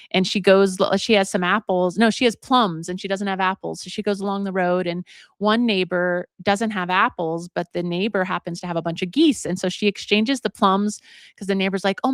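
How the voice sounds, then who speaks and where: A woman's voice: medium pitch, smooth, no echo. Casual woman host telling a folk story on a livestream, rambling, dry close sound. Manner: rambling, self-correcting.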